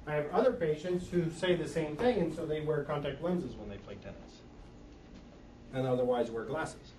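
A man's voice: a little high, normal speed, darkish tone, a little hiss or hum. A man who works as an eye doctor, patiently explaining lenses and eye health with everyday comparisons. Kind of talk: explaining to an audience. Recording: echoey room, mic from far off.

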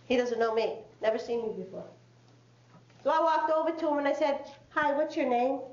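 A woman speaker telling a story to a live audience, acting out the dialogue in an animated way. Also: high-pitched, brisk. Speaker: speaker on child behavior. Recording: roomy, slightly dull hall recording.

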